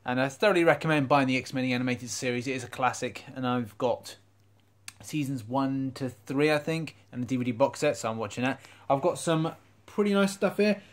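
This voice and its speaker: A man's voice: mid-range voice, brisk, no room sound. A man vlogging on a phone, talking casually and rambling with lots of fillers and restarts. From England. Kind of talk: casual vlog talk to camera. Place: outdoors in a park. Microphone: phone camera.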